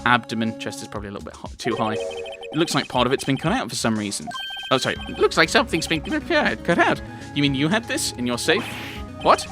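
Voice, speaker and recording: With game music playing, a let's player reads a courtroom game's dialogue aloud in his own voice and rants about the plot. He is very animated, speaks quickly, and has a medium-pitched voice.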